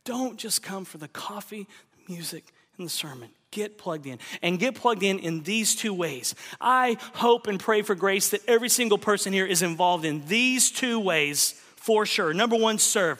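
A man preaching a sermon as pastor, emphatic, swinging between loud exhortation and hushed appeals. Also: sits high, lively intonation, unhurried, hardly any pauses, big-room sound.

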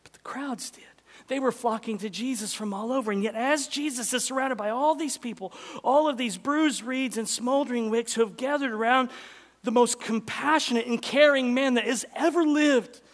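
Male pastor, high voice, sermon delivery with big dynamic swings between whispers and emphatic peaks. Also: normal speed. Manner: swings from loud emphatic preaching to hushed near-whispers.

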